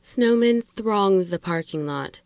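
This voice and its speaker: A woman narrating a horror story in a measured, steady reading. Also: medium pitch, no echo, clean studio sound.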